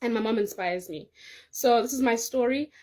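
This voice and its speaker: A woman making a formal, halting application pitch that is full of fillers. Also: a little mellow. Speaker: prankster daughter, applicant.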